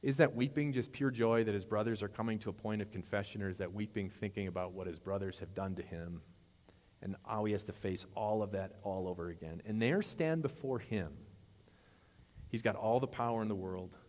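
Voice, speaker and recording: A man's voice: lowish voice, fairly quick, a little mellow. A man preaching a sermon in a conversational way, asking his congregation questions as he retells a story. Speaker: pastor. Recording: long hall reverb.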